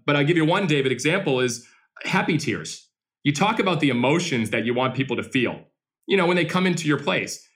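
Energetic storytelling man. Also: medium pitch. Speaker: baseball team owner. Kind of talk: storytelling interview answers.

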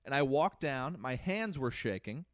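A man co-hosting a podcast, telling a comic story in a lively, animated way that swings between loud and soft. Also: medium pitch, a little slow, dry recording, clean studio sound. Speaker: podcast co-host. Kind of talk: casual chat, comic storytelling.

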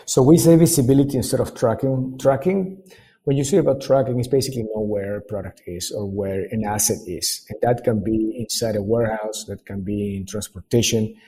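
Husky low-voiced middle-aged man from Peru. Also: warm tone. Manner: measured, hesitant, with fillers and restarts. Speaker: guest, sales director. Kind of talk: casual interview chat.

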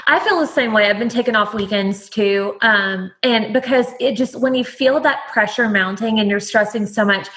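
A woman's voice: mid-range voice, normal speed, hardly any pauses, fairly bright tone. An upbeat woman hosts a casual interview and keeps affirming her guest. She talks in a friendly, conversational way. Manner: enthusiastic, affirming. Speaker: interview host.

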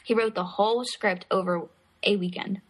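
A woman's voice: medium pitch, steady tone, normal speed. A woman co-hosting a podcast, reading out trivia items in a casual chat. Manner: reads lists, laughs off teasing. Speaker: podcast co-host.

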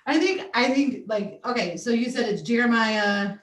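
A woman's voice: a little high, expressive, normal speed. A woman hosting a podcast, chatting casually and enthusiastically with a guest and laughing often. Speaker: podcast host. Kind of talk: casual interview chat. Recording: roomy echo, distant mic.

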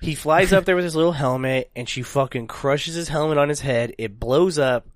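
A man in casual chat about a movie, wry and profane, with low deadpan asides. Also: normal speed, dry recording, clean studio sound.

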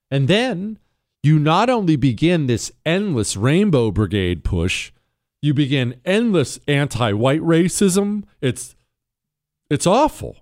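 A man's voice: medium pitch, a little mellow, dry recording. A man hosting a talk radio show, delivering a mocking monologue full of rhetorical questions into a close studio mic.

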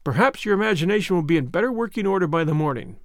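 A man's voice: high-pitched, lively intonation, rapid-fire, dry recording. A man doing a stern, dry-tongued spinster. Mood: dry, firm. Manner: strict, dry and reproving. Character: stern, dry middle-aged spinster woman.

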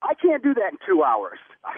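Caller: stammering man, very high voice, tinny phone line, dry. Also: wildly swooping pitch, a little fast, slightly rough, no room sound. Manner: flustered, stammering, repeats himself. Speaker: prank call target, store worker. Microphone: telephone.

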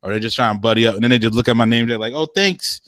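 A man's voice: lowish voice, little pitch movement, racing, no echo, studio quality. A young man co-hosting a casual chat, slangy and profane, often laughing and acting out what others say.

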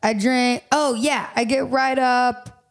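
A young woman chatting as a podcast guest, bubbly and quick to laugh, her talk full of "like" and "you know". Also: on the high side, steady tone. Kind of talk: casual podcast conversation.

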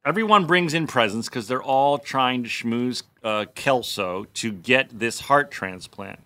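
A man's voice: mid-range voice, animated, unhurried, sharp tone, no room sound. A man co-hosting a podcast, chatting casually and joking, with frequent small restarts. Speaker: podcast co-host. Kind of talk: casual chat.

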